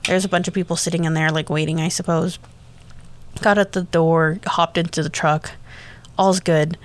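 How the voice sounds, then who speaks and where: A young man hosting a casual solo podcast, telling a rambling story with animated asides, little laughs and hushed remarks. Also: fairly high pitch, normal speed, clear, resonant tone. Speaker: podcast host.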